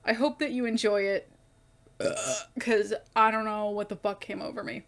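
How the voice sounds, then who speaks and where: A woman's voice: mid-range voice, steady tone, normal speed, fairly bright tone. A woman talking through her craft video in a casual, rambling voice-over, full of fillers and casual swearing. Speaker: craft video creator and streamer.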